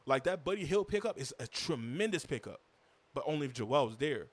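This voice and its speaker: A man's voice: mid-range voice, big pitch swings, brisk, no room sound. A young man recapping the day alone in a casual style, frustrated and rambling, often repeating himself as he vents. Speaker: basketball commentator and fan.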